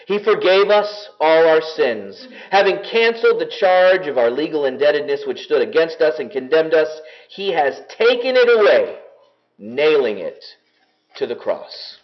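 A man's voice: fairly high pitch, very animated, unhurried. A man preaching a sermon as pastor, earnest and enthusiastic in a conversational way. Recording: dull lo-fi recording.

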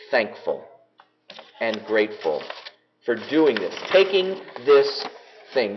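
A man's voice: medium pitch, slight background noise. A man preaching a sermon as pastor, earnest and enthusiastic in a conversational way. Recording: dull lo-fi recording.

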